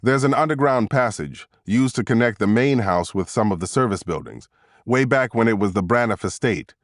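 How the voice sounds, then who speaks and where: A man voicing a guarded male Secret Service agent in an audiobook, speaking low, clipped and measured. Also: animated, dry recording, studio quality, natural voice.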